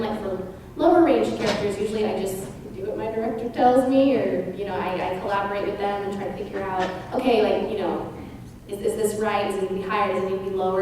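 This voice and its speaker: A woman's voice: medium pitch, darkish tone, distant mic. A young woman, a voice actor on a convention panel, talking in a bubbly way and laughing easily. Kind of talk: casual panel talk. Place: large convention hall. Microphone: far from the camera mic. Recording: echoey noisy hall from the audience.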